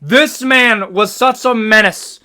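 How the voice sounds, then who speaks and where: A young American man with an American accent giving slangy, animated tier-list commentary as host, swearing freely. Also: high-pitched, takes it slowly. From United States.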